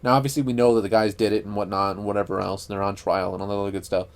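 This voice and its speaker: Podcast dude rambling along, lots of likes and cussing, casual chat. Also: male voice, lowish voice, little pitch movement, very fast. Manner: rambling, profane, many fillers. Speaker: podcast co-host.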